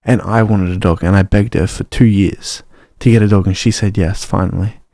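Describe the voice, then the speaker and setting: A man's voice: low-pitched, fairly even intonation, moderate pace, creaky, mellow, no echo, studio quality. A young man, swearing and ranting in a casual personal vlog. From Australia. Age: young adult. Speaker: vlogger.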